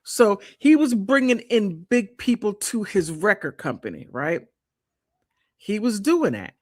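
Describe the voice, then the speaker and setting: A woman's voice: mid-range voice, very animated, a little slow. A woman hosting a live stream, chatting casually and reading from an old article, often exclaiming and restarting her sentences.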